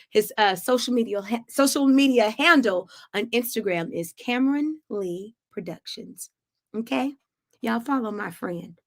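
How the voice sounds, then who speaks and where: Effusive woman, bright voice. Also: mid-range voice. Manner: chatty, effusive, talks straight to viewers. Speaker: singer hosting a weekly livestream. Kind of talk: casual livestream chat.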